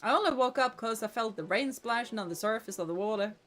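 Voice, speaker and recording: A woman's voice: on the high side, quick pace, fairly bright tone, faint music behind, natural voice. A woman voicing an ancient, sleepy ocean god creature in a game, with a drawling, folksy put-on accent. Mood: easygoing.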